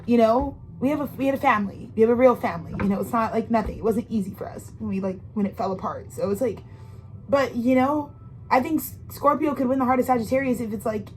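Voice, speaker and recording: A woman's voice: on the high side, quick pace, a little mellow, faint music behind, poor audio. Rambling woman giving a tarot reading. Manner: rambling, emphatic and profane, with frequent restarts; slangy, intimate direct address to the listener. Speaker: tarot reader. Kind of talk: casual tarot reading monologue.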